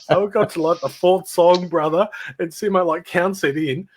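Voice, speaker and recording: A man's voice: high voice, fairly even intonation, moderate pace, a little hiss or hum. A middle-aged Australian man telling rambling stories about his old band in casual chat, laughing and imitating people as he goes.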